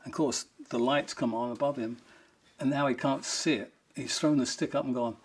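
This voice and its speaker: This interviewee has a mid-range voice and talks at a normal speed. Chuckling throughout, he gives an animated retelling of humorous stories and performs the lines of the characters in them.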